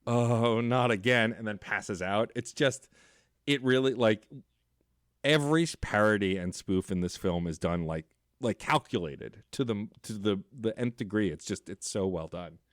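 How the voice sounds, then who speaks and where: A low-voiced man joins a podcast as a guest, walking through a film scene with eager, laughing enthusiasm. The sound is dry and close, with no room around it. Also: normal speed, dry recording. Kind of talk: casual film recap chat.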